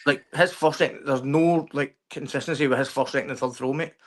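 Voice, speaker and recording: Halting male guest saying "mate" constantly. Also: medium pitch, fairly even intonation. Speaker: podcast guest. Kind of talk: casual chat. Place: remote podcast stream.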